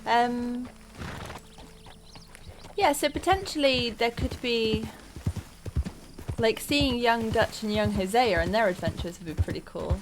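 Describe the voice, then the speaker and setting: A woman's voice: a little high, slow, long pauses. A woman chatting casually as she plays through a video game, thinking aloud and rambling a little. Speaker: let's play gamer. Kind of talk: casual gameplay commentary. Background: game music and horse hooves.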